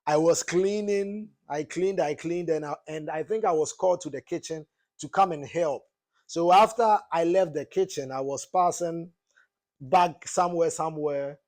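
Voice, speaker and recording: A man's voice: a little high, a little slow. A man from Ghana with a Ghanaian accent, speaking as a political commentator in a passionate, preachy monologue that slips into Twi words. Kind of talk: casual opinionated monologue.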